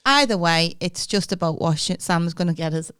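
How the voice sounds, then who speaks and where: Smooth-voiced chatty woman. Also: lowish voice, expressive, fairly bright tone. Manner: chatty, exclaiming, quick to laugh. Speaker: podcast co-host. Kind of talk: casual chat.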